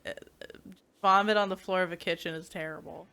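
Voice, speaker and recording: A woman's voice: lowish voice, fairly even intonation, a little fast, vocal fry, bright, forceful tone, clean tone. A young woman streaming a game as a VTuber, chatting casually, reading chat aloud and laughing often.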